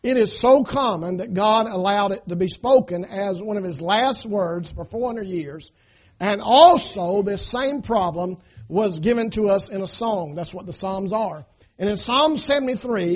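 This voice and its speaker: High-voiced preaching pastor. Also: male voice, a little slow. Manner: preacher cadence, frequent "amen?" call-outs; rising to shouting at climaxes. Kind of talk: sermon.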